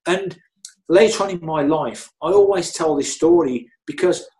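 A man's voice: fairly high pitch, normal speed, a little mellow. A middle-aged man, speaking as an interview guest. He spins long, easygoing anecdotes, often circling back with restarts and filler phrases. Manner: chatty, rambling, many "you know"s and restarts. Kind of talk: anecdotal storytelling.

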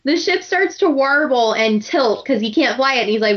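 Lively high-voiced woman chatting about books. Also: moderate pace, few pauses, highs cut off. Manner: animated, laughs often, acts out characters' lines. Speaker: podcast host. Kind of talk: casual book club chat.

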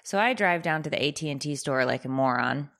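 A woman co-hosting a podcast, telling an exasperating story in a casual, profane, deadpan-sarcastic way. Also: low-pitched, fairly quick, vocal fry. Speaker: podcast co-host.

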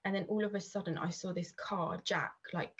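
A woman's voice: fairly low pitch, fairly even intonation, normal speed, husky, muffled recording. A woman, chatting casually as a podcast guest, rambling with many restarts and fillers. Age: 30s.

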